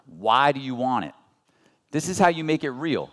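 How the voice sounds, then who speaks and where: A man in his thirties gives a motivational talk at a business seminar, earnest and conversational, posing rhetorical questions to the audience. His medium-pitched voice is sing-song, at a moderate pace.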